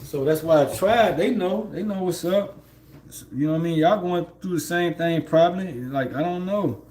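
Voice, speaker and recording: A man's voice: fairly high pitch, moderate pace, darkish tone, slight background noise. A man, livestreaming from home, rambling in a laid-back way with lots of fillers and laughs. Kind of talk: casual spiritual monologue.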